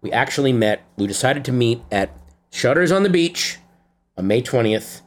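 Animated middle-aged man telling stories. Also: medium pitch, normal speed. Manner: animated storyteller, teasing, jumps into quoted voices. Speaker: podcast co-host. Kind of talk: casual chat.

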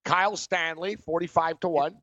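A man's voice: a little high, steady tone, moderate pace, fairly bright tone, dry recording. A man co-hosting a casual sports betting show, asking short questions and reading out odds. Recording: dry, dull lo-fi sound.

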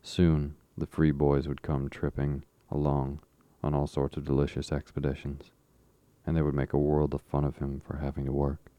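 A man narrating a classic novel as an audiobook in a measured, even storytelling manner. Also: very deep voice, dry recording.

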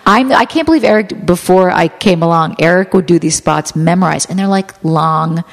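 A woman guest on a casual podcast chat, telling animated stories, acting out quotes and swearing freely. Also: on the low side, moderate pace, gravelly, big-room sound. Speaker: guest actress and improviser.

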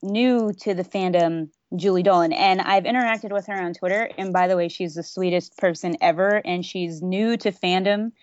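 A woman's voice: fairly low pitch, moderate pace, hardly any pauses, dry recording. A woman co-hosting a casual podcast chat, earnest and opinionated, explaining her views at length. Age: adult. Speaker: podcast co-host. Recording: slightly dull dry audio.

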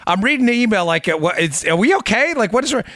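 A man hosting a political talk show, talking in an animated, exasperated, ranting way. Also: high-pitched, fast, dry recording, studio quality. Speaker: radio show host.

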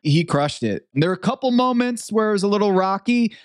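A male co-host setting up topics in an easygoing, chatty way. His voice sits a little high and is recorded dry and close. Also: animated, a little fast, dry recording. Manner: easygoing storyteller, leads topics. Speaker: podcast co-host. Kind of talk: casual sports chat.

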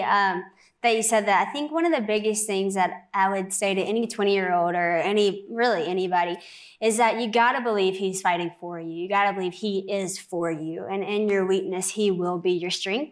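A woman's voice: medium pitch, fairly bright tone. A twenty-year-old woman sharing her faith story as a guest, earnest and chatty, with lots of "like.". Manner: earnest, chatty, heavy use of "like". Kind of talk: faith testimony in conversation.

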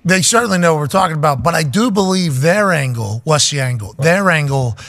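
A man's voice: a little high, lively intonation, brisk, fairly bright tone. A man co-hosting a sports talk show, rambling and joking in casual chat. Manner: jokey, rambling storyteller. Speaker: co-host.

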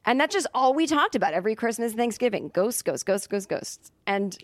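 A woman's voice: a little high, animated, fairly quick, dry recording. A woman comedian telling a story as a podcast guest, casual and rambling, full of fillers and restarts. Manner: rambling, many fillers and self-corrections.

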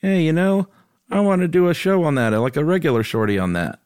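A man putting on a high, sing-song impression of his male co-host, chirpy and exaggerated. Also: big pitch swings, fairly quick, darkish tone, smooth, no room sound, clean studio sound.

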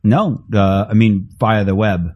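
A man's voice: fairly low pitch, measured pace, lo-fi sound. A man co-hosting a casual podcast, joking and swearing in loose banter. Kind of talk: casual chat.

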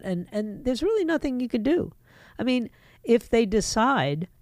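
Middle-aged woman, talk radio host, emphatic opinionated monologue, mid pitch, dry studio sound. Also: a little mellow, no echo. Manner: emphatic, opinionated, talks straight to listeners.

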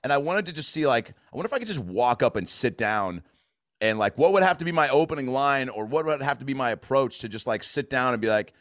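An American man in his thirties, rambling in a profane, animated way through a casual podcast chat. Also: medium pitch, quick pace, no room sound, clean studio sound. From United States.

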